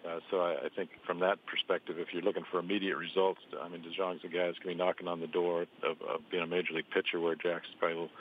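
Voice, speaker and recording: Deep-voiced man on a tinny phone line. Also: flat delivery, slight background noise. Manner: halting, many restarts and fillers. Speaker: baseball reporter. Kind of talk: phone interview.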